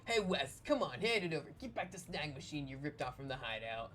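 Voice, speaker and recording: A woman's voice: sits low, sing-song, a little fast, a bit bright, slight background noise. A woman voicing a hostile male gang grunt, reading the game's dialogue aloud in a sneering, threatening way.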